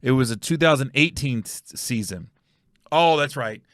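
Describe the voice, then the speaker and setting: A man's voice: medium pitch, animated, moderate pace, fairly bright tone, no echo, studio quality. A male podcast host telling a casual, rambling story, often stopping to correct himself and check facts aloud.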